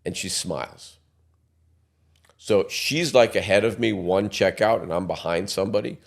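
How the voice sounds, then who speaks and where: A man's voice: sits low, unhurried, creaky. A man in his sixties, a podcast guest telling long rambling anecdotes in a casual interview. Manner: rambling anecdotes with quoted voices.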